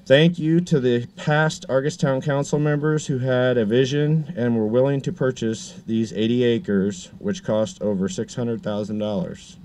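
A man's voice: medium pitch, steady tone, a little slow, few pauses, a little mellow. A man hosting an outdoor groundbreaking ceremony delivers a formal, prepared speech that sounds read from notes. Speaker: town official and event host.

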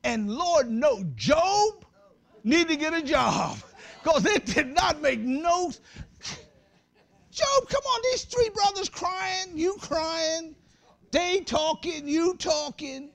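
Preaching slowly, this male pastor has a very high voice that rises and falls dramatically. His lively, humorous sermon feels casual and friendly, addressed straight to the congregation, with jokes broken up by abrupt shouts.

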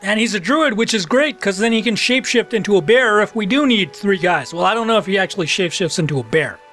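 A man narrating his playthrough in casual, excitable commentary. He swears freely and talks straight to the game. His voice is high and very animated, with faint game music behind him. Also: fast talker. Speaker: let's play commentator.

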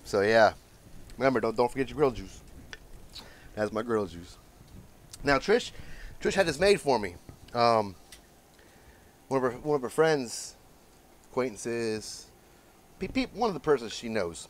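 A man's voice: mid-range voice, expressive, unhurried, pauses often. A man hosting his own cooking vlog, chatting enthusiastically and often stumbling over and repeating his words. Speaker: cooking channel host. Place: outdoor griddle cooking station.

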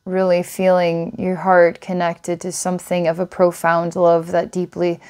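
A woman's voice: fairly low pitch, completely flat delivery, a little slow, darkish tone, clear, resonant tone. A woman giving a recorded psychic reading to a client, talking in an earnest, rambling way, restarting often and laughing now and then. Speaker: psychic reader.

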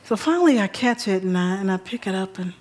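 A woman's voice: medium pitch, lively intonation, fast talker. Woman church speaker, mid-range voice, storytelling sermon, stumbles over repeated words, whispers key lines. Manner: drops to a hushed whisper for emphasis; repeats words as she gathers thoughts.

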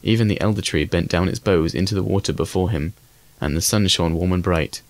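A man reading a classic fairy tale aloud as an audiobook in a measured, even manner. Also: deep voice. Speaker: audiobook reader. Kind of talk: scripted storybook narration.

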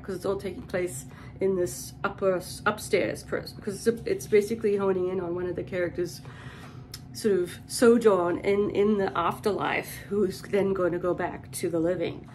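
A woman's voice: medium pitch, a little mellow, slight background noise, low-quality recording. A woman giving a casual spoken book review, thinking aloud as she goes, enthusiastic and reflective, often hedging her phrases and circling back to rework her thoughts.

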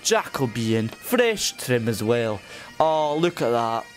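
A young man with a Scottish accent, doing a mock-proud comedy vlog in an exaggerated way that breaks into sudden shouting. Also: fairly high pitch, big pitch swings, normal speed, faint music behind. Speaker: comedy vlogger.

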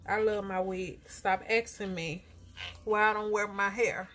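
A woman's voice: medium pitch, fairly even intonation, normal speed, fairly bright tone. A young woman, chatting casually to her vlog viewers at home, venting and complaining as she does her hair. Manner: frustrated, complaining, talks to viewers as y'all. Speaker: vlogger. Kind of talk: casual chat to camera.

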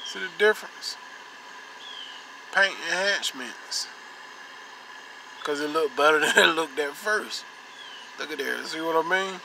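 A slightly high-voiced man walks through a car detailing demo in a relaxed, chatty way. He points things out again and again, coaxing the viewer to look. Vehicle noise and ambience are clearly heard behind him. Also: measured pace, pauses often. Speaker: car detailing channel host. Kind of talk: casual how-to demonstration. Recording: noisy ambience, vehicle sounds.

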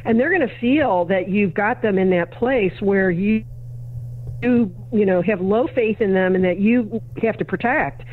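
Unhurried and mid-range in voice, an educator and consultant shares a story as a podcast guest, switching between the two people in a conversation and voicing each. The remote interview has narrow, phone-like audio and slight background noise.

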